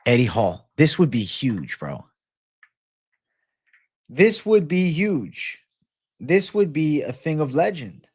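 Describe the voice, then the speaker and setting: A man's voice: on the high side, no echo, clean studio sound. A young man hosting a casual livestream, joking loosely, swearing a lot and talking to his chat. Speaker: livestream host reading chat.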